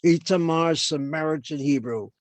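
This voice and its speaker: A man's voice: on the high side, moderate pace, no room sound. An older man lecturing as a professor over a video call, explaining points and then asking and answering his own questions.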